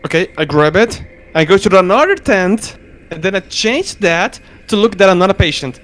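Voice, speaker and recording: A man with a smooth, clear and fairly high voice plays a tabletop game. He speaks hesitantly and stammers through restarts. The talk runs over an online voice call. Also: expressive, normal speed, fairly bright tone. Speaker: player.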